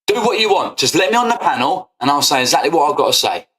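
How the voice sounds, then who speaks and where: A man's voice: on the high side, sing-song, fast talker, fairly bright tone. Furious swearing man. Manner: confrontational, swearing, repetitive "yeah?". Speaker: football fan channel host. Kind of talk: angry rant to camera.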